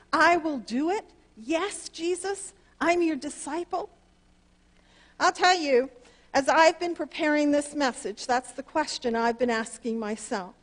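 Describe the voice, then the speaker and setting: Earnest woman pastor telling a sermon story. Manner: earnest and animated, pitch leaps up on emphasis. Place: church sanctuary.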